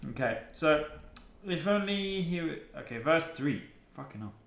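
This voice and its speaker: A man's voice: a little high, moderate pace, gravelly, reverberant. A man co-hosting a casual chat, reacting to song lyrics with a lot of swearing and mock-dramatic readings. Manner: animated, swearing, reads lyrics aloud in mock-dramatic tones. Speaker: podcast co-host.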